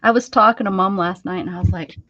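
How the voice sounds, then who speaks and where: A woman's voice: mid-range voice, quick pace, fairly bright tone, no room sound, lo-fi sound. Chatty laughing woman craft host. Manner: chatty, laughs often, rambling restarts. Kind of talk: casual chat while crafting.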